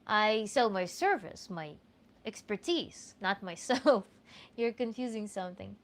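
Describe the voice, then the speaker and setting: A woman with a Russian accent, a coach answering viewer questions in an animated, earnest way with frequent restarts. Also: mid-range voice, measured pace. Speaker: tantra coach.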